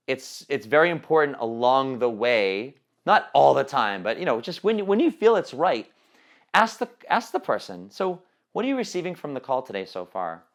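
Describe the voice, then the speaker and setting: A man leading a training call on coaching sales, talking casually with many fillers and restarts. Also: medium pitch. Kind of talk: teleconference training talk.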